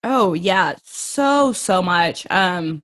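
A woman's voice: fairly low pitch, very slow. A young adult woman, a masters swimmer guest, telling a story in a casual interview and acting out the quotes. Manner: animated storyteller, acts out quotes.

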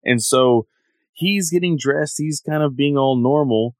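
A man's voice: medium pitch, measured pace, a little mellow, no room sound. A man retelling a story in casual chat as a podcast co-host, rambling and full of "like". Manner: rambling, many "like" fillers. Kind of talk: casual chat recapping a comic.

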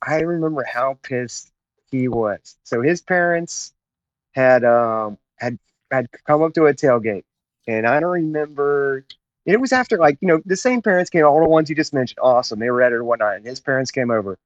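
A man's voice: medium pitch, expressive, normal speed. A man from Tennessee with a mid-range voice, casually rambling through stories as a podcast guest. The audio is dull and lo-fi. It is also dry, with no room echo. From Chattanooga, Tennessee, USA. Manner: rambling, laid-back storyteller, says "man" and "whatnot". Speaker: podcast guest, naval officer. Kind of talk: casual interview storytelling.

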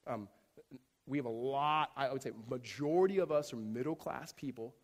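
A man preaching a sermon as pastor, telling a story with growing energy and then dropping to a soft, close tone. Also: medium pitch, normal speed. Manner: animated storytelling, rising loud in climaxes, hushed in tender moments. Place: church sanctuary. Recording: reverberant church hall.

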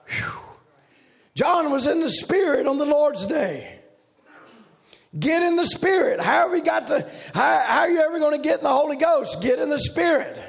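A man preaching a revival sermon in a loud, rhythmic, shouting preaching cadence. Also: very high-pitched, animated, moderate pace, creaky.

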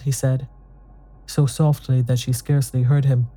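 Very dark-voiced ghost story narrator. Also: medium pitch, level tone, faint music behind. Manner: measured, storytelling delivery.

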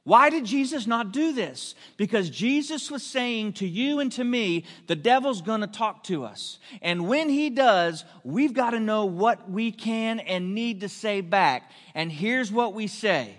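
A male pastor preaching a sermon, emphatic, with rhetorical questions and drawn-out punch lines, in a church hall. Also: high voice, expressive, fairly bright tone.

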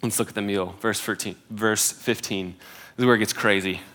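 Young man, preacher, relaxed chatty sermon, fairly low voice, filler likes. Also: fairly quick. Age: 20s. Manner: casual, conversational, with many filler "like"s; self-deprecating humor.

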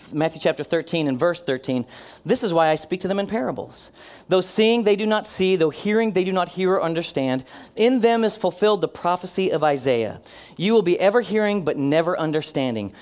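Earnest, fairly high-voiced male preacher. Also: expressive, darkish tone. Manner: earnest preaching, slows and drops his voice for emphasis; leads the congregation in call-and-response. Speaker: pastor. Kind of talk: sermon.

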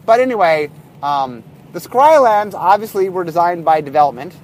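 A man's voice: sits high, animated, moderate pace, a little mellow, a little hiss or hum. A man, a game designer, telling anecdotes in a casual podcast monologue, rambling and correcting himself as he goes.

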